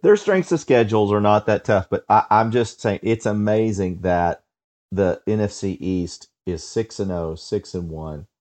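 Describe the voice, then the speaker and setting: Male co-host, very low voice, halting and opinionated chat. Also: darkish tone. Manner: halting, repeats words, opinionated. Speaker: podcast co-host. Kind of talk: casual sports podcast chat.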